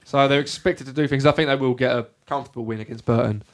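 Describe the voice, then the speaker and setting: A man's voice: mid-range voice, steady tone, fast, slight background noise. A man leading a casual football chat with friends. He talks through the week's fixtures in an easy, matter-of-fact way, giving dry opinions as he goes. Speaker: podcast host.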